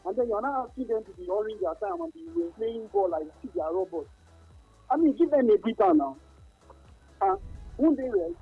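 An emphatic male caller speaks in a high, widely swinging voice, heavy with rasp and gravel. He talks casually, using slang. The sound comes thin and phone-like, with faint music behind. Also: big pitch swings, brisk, dry recording. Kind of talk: calling in to a sports radio show.

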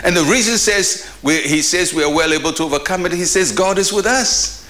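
A man preaching as a pastor in a short daily devotional sermon, emphatic, with animated rises. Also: high voice, fairly quick.

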